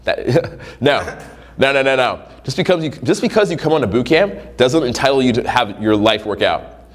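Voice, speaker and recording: A male dating coach talks in a loose, foul-mouthed coaching monologue. His pitch swings widely as he acts out scenes from his students' lives, dropping into voices for them. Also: moderate pace. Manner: profane, animated, acts out scenarios in voices.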